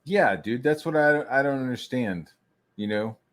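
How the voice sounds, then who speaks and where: A man ranting angrily on a stream, swearing constantly and mocking others in squeaky put-on voices. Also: normal speed. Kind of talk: profane ranting monologue.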